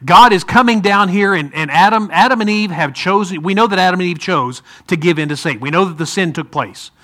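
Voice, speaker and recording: A man's voice: sits high, a little fast, bright, forceful tone. A man with an Ohio accent teaching a Bible class in a conversational way, often asking the group questions.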